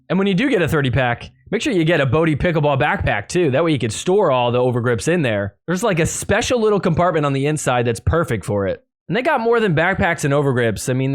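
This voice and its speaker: A man hosting a podcast, recapping matches with excitable play-by-play and fast ad reads. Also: fairly high pitch. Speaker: podcast host. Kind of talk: casual recap commentary with ad read.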